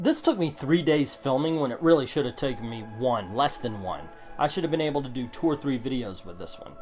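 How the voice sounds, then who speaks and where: A middle-aged man reviewing a comic book, sarcastic and ranting, swearing now and then. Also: on the high side. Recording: music playing under the voice. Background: background music.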